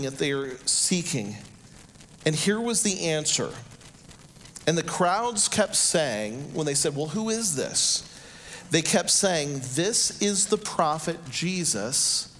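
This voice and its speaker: A man delivers a sermon from the pulpit, his voice sitting fairly high. He slows down and climbs in pitch when he acts out shouted quotes. A faint hum of ambience sits behind him. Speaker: pastor.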